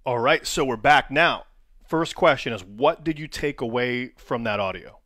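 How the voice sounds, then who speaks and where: A man's voice: medium pitch, lively intonation, moderate pace, fairly bright tone, no echo. A man coaching in an online training lesson, putting questions to his viewers. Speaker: wrestling coach.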